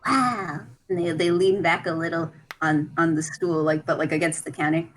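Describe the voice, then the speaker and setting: A woman's voice: deep voice, level tone, brisk, low-quality recording. A woman playing in a tabletop role-play game, describing her character's actions in a casual, giggly, hesitant way with many restarts.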